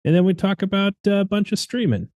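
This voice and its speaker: A man's voice: high voice, lively intonation, fast, darkish tone, dry recording, clean studio sound. A man co-hosting a podcast, introducing the episode in a laid-back, casual way. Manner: laid-back, with fillers and light laughs. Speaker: podcast co-host.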